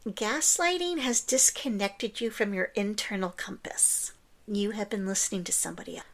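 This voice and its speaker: Earnest woman podcast host with a gravelly voice. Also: mid-range voice, normal speed. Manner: earnest, encouraging, often drops to a breathy whisper. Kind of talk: scripted podcast monologue.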